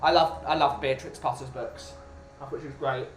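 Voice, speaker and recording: A man's voice: mid-range voice, fairly even intonation, moderate pace. A man from the UK chatting casually as a podcast host, rambling and restarting his sentences. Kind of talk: casual chat. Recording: roomy with music behind.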